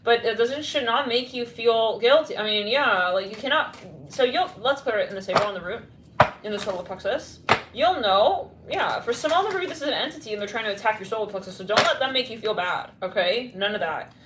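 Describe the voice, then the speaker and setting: A woman's voice: fairly high pitch, a little fast, reverberant, noisy background. A woman giving a casual tarot reading, rambling and blunt with lots of fillers. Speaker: tarot reader.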